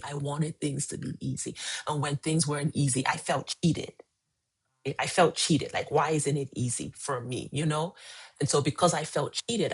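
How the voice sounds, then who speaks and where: A weight-loss coach in her forties speaks in a low, creaky voice that is a little mellow with a breathy edge. On a casual phone livestream she coaches emphatically, repeating key phrases.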